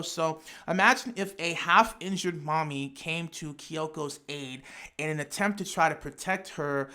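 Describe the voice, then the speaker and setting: A man's voice: a little high, bright, forceful tone. A man talking through an anime fan theory in a casual, speculative way, thinking aloud with frequent restarts and repeated words. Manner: speculative, imaginative storytelling. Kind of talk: casual spoken analysis.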